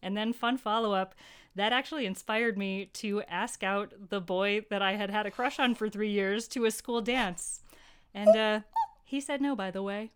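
A woman's voice: medium pitch, normal speed, a bit bright, clear, resonant tone. A woman in her thirties co-hosting a podcast, telling stories emphatically and swearing freely. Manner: emotional, emphatic storyteller who swears freely. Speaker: podcast co-host. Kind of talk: casual chat.

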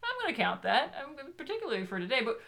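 A woman's voice: on the high side, huge pitch swings, fast, gravelly, fairly bright tone. A woman co-hosting a casual podcast chat about picture books, playful and teasing, with jokey asides. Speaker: podcast co-host.

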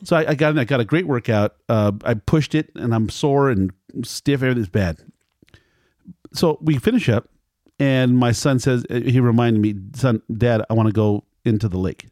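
Rambling middle-aged storyteller dad. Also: male voice, medium pitch, moderate pace, a little mellow, no room sound, clean studio sound. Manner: rambling, self-correcting, acts out quoted lines. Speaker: father telling a family story. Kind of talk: casual conversational storytelling.

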